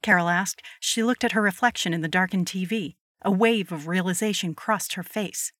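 A woman narrates a scripted horror story at a steady, measured pace. Her voice is slightly low, and the recording is dry and close-miked with no room sound.

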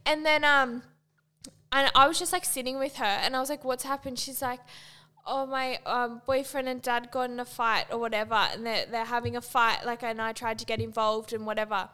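A woman's voice: on the high side, steady tone, moderate pace, bright, forceful tone, clear, resonant tone. A young woman, co-hosting a podcast and telling a travel story in a chatty way, full of "like" and acted-out quotes. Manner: chatty, says "like" constantly, acts out quoted people. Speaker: podcast co-host. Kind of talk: casual chat, storytelling.

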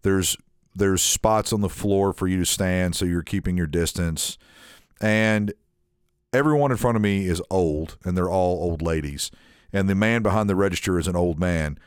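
A man co-hosting a podcast, telling a rambling, animated anecdote in casual chat and imitating the people in it. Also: deep voice, moderate pace, clean tone, dry recording, studio quality. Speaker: podcast co-host.

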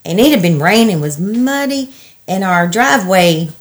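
A woman, telling her story as an interviewee in halting bursts full of restarts. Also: medium pitch, expressive. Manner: halting, breathless retelling with restarts and laughter. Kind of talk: personal storytelling.

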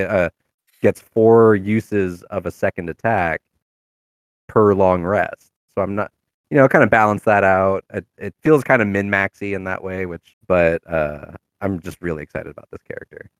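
A man's voice: sits low, moderate pace, dry recording, clean studio sound. A man chatting casually about his game character, rambling with many fillers and restarts. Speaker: tabletop game player. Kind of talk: casual chat.

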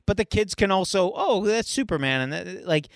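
A man co-hosting a podcast, retelling a movie in an animated, profane, casual chat. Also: sits high, normal speed, dry recording, clean studio sound. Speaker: podcast co-host.

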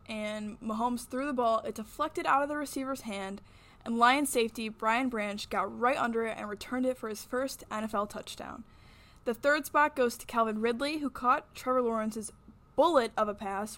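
A young woman hosts a sports podcast in a slightly higher voice. She reads a scripted weekly recap but keeps breaking into chatty, candid asides about her own take. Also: fairly bright tone. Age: young adult. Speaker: podcast host.

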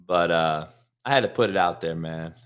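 Profane, animated man telling a story. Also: low voice, normal speed, clean tone. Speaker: host. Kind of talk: casual storytelling monologue.

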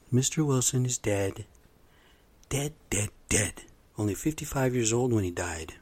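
A man with a somewhat low voice, talking bluntly and indignantly in a monologue. He swears freely and comes back again and again to what angers him. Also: a little mellow. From United States. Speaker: commentator. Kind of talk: angry monologue.

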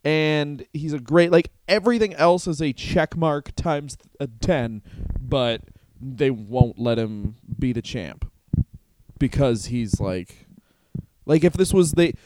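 A man's voice: fairly high pitch, animated, slow pace, noisy background. A young man co-hosting a casual podcast from a living room, rambling, swearing and laughing as he talks. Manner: rambling, laughing, swearing, puts on silly voices. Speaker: podcast co-host.

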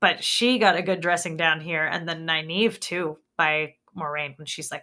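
A woman's voice: deep voice, steady tone, normal speed, hardly any pauses, sharp tone. A woman co-hosting a podcast in casual chat, talking animatedly with lots of filler words. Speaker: podcast co-host.

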